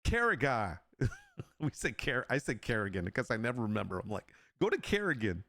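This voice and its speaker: A man hosting a casual live stream, joking and laughing often and slipping into playful mock sales pitches. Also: very animated, a little fast, a bit bright, no room sound. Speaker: livestream host and digital artist.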